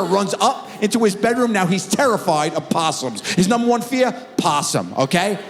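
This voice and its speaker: A man's voice: high voice, moderate pace, hardly any pauses, slight background noise. A middle-aged man doing stand-up comedy, telling stories and putting on his kids' voices. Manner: animated storytelling with voiced impressions of his kids. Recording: theater recording with long hall reverb.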